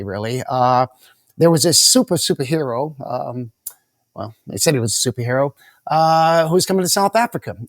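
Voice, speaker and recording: Interview guest, male, somewhat high voice, dry close sound, rambling storyteller with restarts. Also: no room sound. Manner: rambling, restarts and repeats words. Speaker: guest mentalist.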